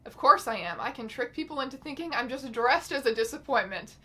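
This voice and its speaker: A woman hosting her own channel, reading out chat messages in a casual, wry, deadpan way with some swearing. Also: sits high, brisk, background noise. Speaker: YouTube host.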